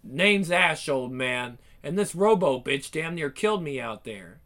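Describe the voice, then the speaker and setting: A man's voice: on the high side, animated, unhurried. A man voicing a brash wisecracking hero. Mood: sarcastic. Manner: brash, sarcastic one-liners and battle yells. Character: wisecracking cocky male hero, adult. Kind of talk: one-man fan dub of a game.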